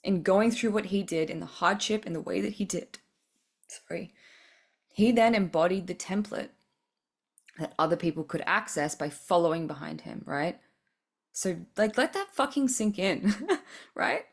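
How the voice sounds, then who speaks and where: A woman's voice: fairly low pitch, normal speed, pauses often, breathy edge. A woman hosting a spiritual podcast, giving a blunt, profane tough-love pep talk with frequent laughs. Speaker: podcast host.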